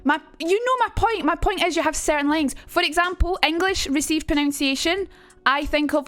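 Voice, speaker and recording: High-voiced woman streaming. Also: a little fast, fairly bright tone, no room sound. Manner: chatty and self-mocking, swears freely. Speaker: streamer teaching accents. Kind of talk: casual livestream chat.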